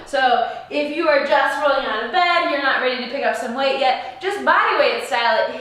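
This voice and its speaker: A woman's voice: high-pitched, moderate pace, fairly bright tone, very echoey. A woman leading a home workout class, with bubbly, playful delivery that drifts into sing-song greetings. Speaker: fitness instructor. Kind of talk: live workout class instruction.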